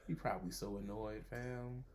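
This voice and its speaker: A man's voice: fairly low pitch, fairly even intonation, moderate pace, a little mellow, slight background noise. Playful argumentative man on a podcast. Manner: playful, argumentative, laughs while making his case. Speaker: podcast co-host. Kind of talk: casual debate chat.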